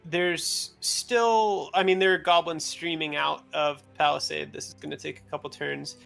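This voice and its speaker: A man narrating a tabletop role-playing game as game master, talking in a relaxed, loose way with fillers. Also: a little high, moderate pace, gravelly, faint music behind.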